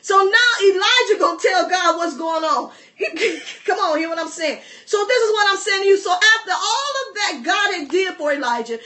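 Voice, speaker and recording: A woman preacher delivering a fervent sermon, shouting out phrases and calling on the congregation to respond. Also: very high-pitched, expressive, normal speed.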